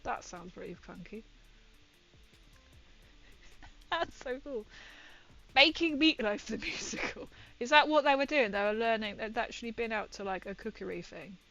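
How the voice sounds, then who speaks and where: A woman's voice: fairly high pitch, normal speed, long pauses, fairly bright tone, highs cut off, soft background music. A woman painting miniatures and chatting with viewers in a rambling, giggly way. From Britain. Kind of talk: casual chat while painting.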